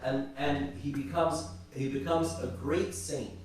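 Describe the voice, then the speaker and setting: Church teacher, man, fairly high voice, halting storyteller, heard from a distance in a very echoey church. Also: steady tone, a little mellow, slight background noise. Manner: halting, repeats words while retelling stories. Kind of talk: storytelling religious class talk.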